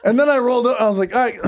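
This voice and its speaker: A man's voice: sits high, gravelly. A man co-hosting a comedy podcast, joking crudely and slipping into mock voices while telling stories. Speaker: podcast co-host. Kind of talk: casual comedic chat.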